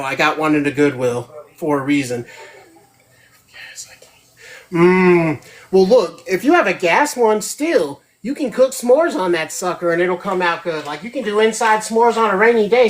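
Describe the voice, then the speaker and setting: A woman's voice: on the low side, slight background noise. Chatty woman hosting a home cooking demo. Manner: chatty, keeps checking in with 'right?'. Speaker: host of a home cooking show. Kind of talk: casual live cooking demo. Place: home kitchen.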